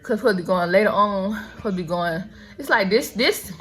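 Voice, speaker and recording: A woman's voice: mid-range voice, moderate pace, fairly bright tone, low-quality recording. A woman in her thirties chatting casually to camera in a vlog, talking straight to her viewers and laughing often. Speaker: vlogger.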